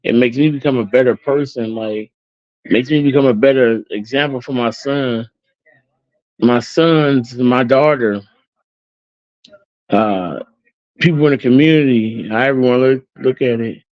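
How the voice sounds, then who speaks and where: A man's voice: mid-range voice, measured pace, long pauses, darkish tone, no echo. A man in the middle of his range talks in a heartfelt, casual way. He circles back over his points and keeps checking in with "you know what I'm saying." The sound is dry and muffled, like a lo-fi home recording. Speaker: host.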